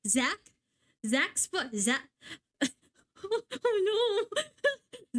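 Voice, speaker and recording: A woman's voice: sits high, sing-song, very slow, long pauses, bright, forceful tone. A young woman VTuber commenting casually on a game, giggling, swearing and stumbling over words in a sleepy way. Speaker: VTuber streamer.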